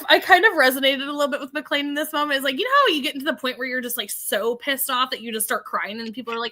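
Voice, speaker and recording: A woman's voice: sits high, fast talker, few pauses, bright, forceful tone. A woman co-hosting a podcast, chatting animatedly about a reality show, laughing and acting out quotes. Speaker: podcast co-host. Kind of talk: casual recap chat.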